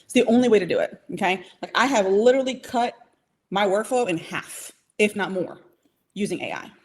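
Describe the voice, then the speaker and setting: Casting note: woman trainer, mid-pitched voice, punchy and motivational, keeps asking "okay?". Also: a little mellow. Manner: emphatic, coaching, keeps asking "okay?" and "right?"; direct and motivational, speeds up and slows down. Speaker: AI trainer for small business owners. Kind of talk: live training talk.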